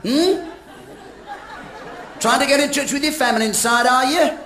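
Exasperated older comedian on an echoey stage. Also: male voice, very high voice, measured pace, sharp tone, some chatter behind. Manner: exasperated, scolding, mock-stern. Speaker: comedian, straight man of a double act. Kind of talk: live stand-up double act, bickering. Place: large theatre stage before a laughing audience. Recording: echoey live theatre recording with audience noise.

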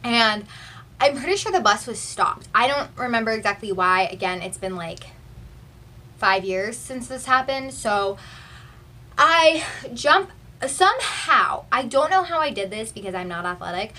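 A young woman from Texas chatting through a storytime vlog, animated and full of "like" fillers, filmed on a phone. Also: fairly high pitch, unhurried, recorded from a distance. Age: young adult. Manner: chatty and animated, heavy use of "like". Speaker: vlogger. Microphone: phone camera.

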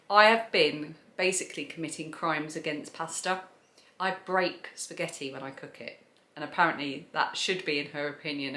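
A woman's voice: on the low side, pushed and bright, roomy sound. A woman with a South East London accent hosting a crafting podcast, chatting in an enthusiastic, rambling way. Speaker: podcast host. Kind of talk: casual chat.

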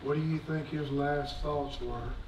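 A middle-aged man preaching a sermon, swinging from shouts to hushed, folksy talk. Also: a little high, fairly even intonation, unhurried, distant mic, a little hiss or hum. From United States. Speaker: pastor. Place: church sanctuary. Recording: echoey church recorded from afar.

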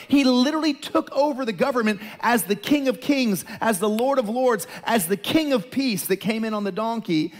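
A middle-aged male pastor preaching a sermon, telling the story with animated, building emphasis. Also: extremely high pitch, normal speed, hardly any pauses.

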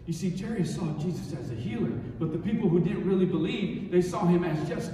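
A male pastor preaching a sermon, swinging between soft and loud, often repeating key phrases for emphasis. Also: high-pitched, fairly quick, slight background noise. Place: church sanctuary. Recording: echoey church hall, mic at a distance.

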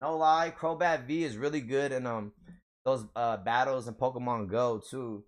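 In a casual pack-opening vlog, a young man opens trading card packs for his viewers, sounding hyped, using slang, and laughing often. His voice is medium-pitched with fairly even intonation, at a normal speed.

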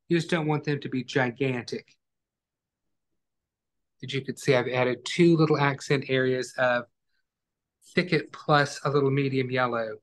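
A man teaching an online acrylic painting class, giving calm, step-by-step instructions as he works. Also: mid-range voice.

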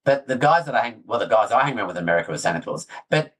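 Excitable man, middle-aged. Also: medium pitch, rapid-fire, low-quality recording. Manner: excitable, animated storyteller, self-deprecating. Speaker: guest orthodontist. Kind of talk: casual podcast interview.

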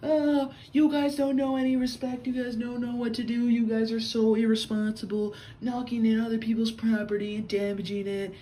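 A man quoting an angry middle-aged woman who yells indignantly at kids. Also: extremely high pitch, level tone, normal speed, hardly any pauses, a little hiss or hum, voice pushed up. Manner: yelling, indignant.

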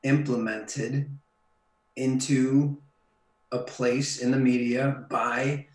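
A man, a guest on a podcast in casual conversation, opinionated and emphatic, often slowing down to stress his points. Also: medium pitch, little pitch movement, a little mellow, echoey room, poor audio.

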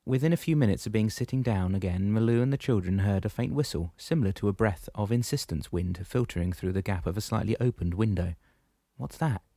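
Male audiobook narrator, low pitch, steady read, dry booth sound. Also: fast talker, hardly any pauses, dry recording. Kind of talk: scripted narration.

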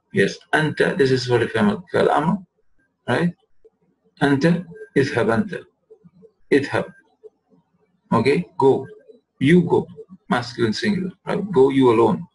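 A man teaching an Arabic lesson, patiently repeating words slowly to show how the sounds are made. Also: medium pitch, vocal fry, poor audio. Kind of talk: recorded lesson.

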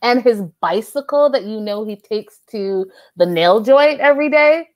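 A woman with a fairly high voice hosts a relaxed podcast chat. She tells her stories in an animated, exclaiming way, full of reactions. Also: measured pace. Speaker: podcast host. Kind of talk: casual chat.

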